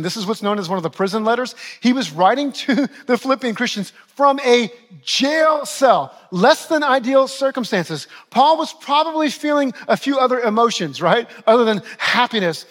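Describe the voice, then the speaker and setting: A man's voice: very high-pitched, a bit bright. A man in his forties, a pastor preaching a sermon, repeating key phrases and asking the congregation questions.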